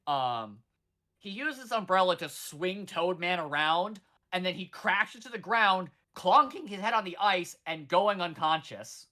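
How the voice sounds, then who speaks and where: A bright-toned podcast host in their thirties retells a film with loose, rambling asides. The delivery is sarcastic and peppered with cursing. It sounds like friends chatting about an old favourite. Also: mid-range voice, lively intonation, a little slow. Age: 30s. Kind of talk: casual movie recap chat.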